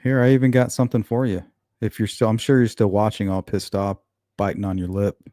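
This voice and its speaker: A man's voice: lowish voice, flat delivery, brisk, dark tone, no echo, clean studio sound. A man hosting a casual true-crime livestream, reading comments out and answering viewers in a blunt, sarcastic way. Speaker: true-crime channel host.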